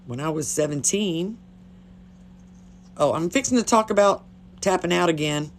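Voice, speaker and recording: Casting: woman, casual livestream host, blunt, animated delivery, faint background hiss. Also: fairly low pitch, moderate pace. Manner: blunt, chatty, swears freely.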